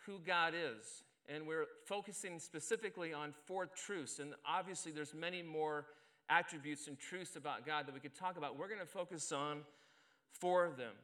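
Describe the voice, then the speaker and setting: A man's voice: fairly high pitch, moderate pace, sharp tone. A middle-aged man, a pastor, preaching a sermon and telling a self-deprecating story in a conversational way at a church service.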